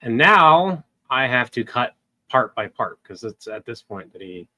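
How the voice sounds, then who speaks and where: A man's voice: medium pitch, very animated, unhurried, bright, forceful tone. A man hosting a stream who casually talks through editing audio, thinking aloud with ums. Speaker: video editor, stream host.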